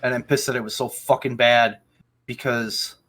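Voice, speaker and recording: A man's voice: medium pitch, fairly even intonation, normal speed, a bit bright, slightly rough. Ranting, swearing man on a podcast. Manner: angry ranting, heavy swearing. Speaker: podcast host. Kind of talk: casual chat.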